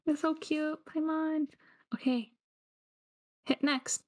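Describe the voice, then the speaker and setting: This woman hosts a live online quiz class, ribbing the players playfully and alternating English with Cantonese in a Cantonese accent while music plays in the background. She speaks slowly in a high voice with fairly even intonation.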